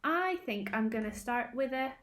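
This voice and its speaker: A woman from Scotland leads a children's rhythm lesson to camera, slow and clear and full of encouragement. Her voice sits a little high for a woman. She is recorded close to the camera at a table at home. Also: lively intonation, a bit bright. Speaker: music tutor.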